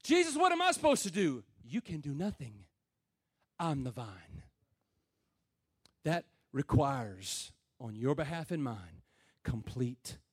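A man preaching a sermon to a room of men, plain and folksy, rising to loud calls and dropping to low murmurs. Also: husky. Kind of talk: sermon to a men's gathering.

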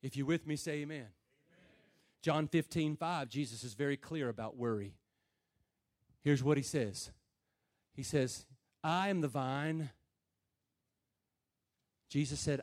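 A man preaching a sermon to a room of men, plain and folksy, rising to loud calls and dropping to low murmurs. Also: a little slow, long pauses. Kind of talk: sermon to a men's gathering.

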